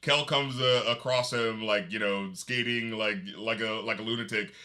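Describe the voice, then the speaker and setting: A man's voice: fairly low pitch, fairly even intonation, moderate pace, sharp tone. A man co-hosting a casual movie review chat, recapping the plot in a rambling way full of asides. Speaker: podcast co-host.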